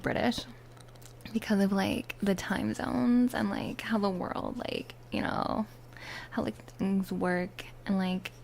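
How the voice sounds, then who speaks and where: A woman's voice: medium pitch, creaky, a little hiss or hum. A young woman with a Valley Girl accent, chatting in a whispered role-play as an ASMR streamer, close to the mic and full of "like" fillers. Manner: chatty, many "like" fillers, drifts between whisper and soft voice. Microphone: close ASMR mics.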